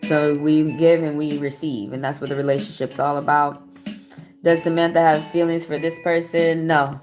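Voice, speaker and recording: A woman giving a casual live-stream tarot reading, answering viewer comments aloud in a loose, rambling way. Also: deep voice. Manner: loose and rambling, with fillers and restarts. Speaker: tarot reader. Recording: music playing behind the voice.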